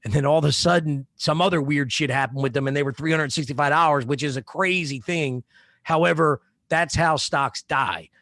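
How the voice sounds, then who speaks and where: Male podcast co-host, higher voice, dry sound, loose profane rambling. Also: normal speed, a bit bright, no echo. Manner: rambling, profane, laid-back. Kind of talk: casual chat.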